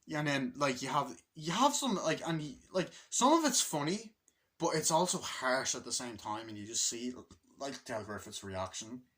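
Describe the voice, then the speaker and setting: A man's voice: medium pitch, expressive, moderate pace, a bit bright. A man casually reviewing a film, retelling scenes with profane enthusiasm. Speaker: movie reviewer. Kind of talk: casual movie review vlog.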